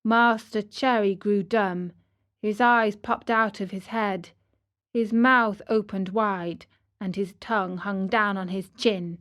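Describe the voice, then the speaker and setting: A woman narrating a children's audiobook in a slow, gentle storytelling manner. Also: medium pitch.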